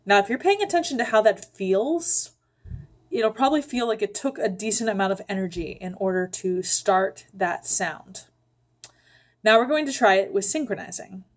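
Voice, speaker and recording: A woman giving a calm, unhurried voice lesson, guiding the listener step by step with frequent ums. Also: medium pitch. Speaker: voice teacher. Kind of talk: vocal instruction with sung demonstrations.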